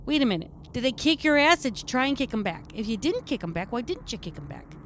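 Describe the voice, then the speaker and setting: A woman's voice: fairly high pitch, big pitch swings, quick pace, a little hiss or hum. A woman playing a brash, foul-mouthed redcap fae, a tough mechanic, who chats in character on a live stream with a New York-ish accent and rambling, streetwise talk. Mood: gruff banter.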